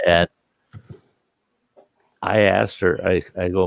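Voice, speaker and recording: Male host, funny campfire tale, low gravelly voice, laughs a lot. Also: measured pace, dry recording, dull audio. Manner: laughing often, animated storytelling. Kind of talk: campfire storytelling.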